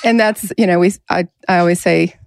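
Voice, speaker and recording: A woman's voice: on the low side, fairly even intonation, fairly quick, vocal fry, no room sound, clean studio sound. A woman hosting a casual podcast, talking earnestly and laughing often. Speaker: podcast host.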